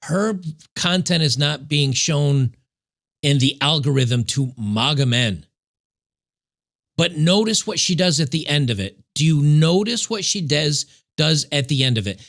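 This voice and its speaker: A man's voice: fairly high pitch, animated, a little slow, creaky, a bit bright. A man hosting a reaction commentary show, talking in a sarcastic, mocking way. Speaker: commentary host.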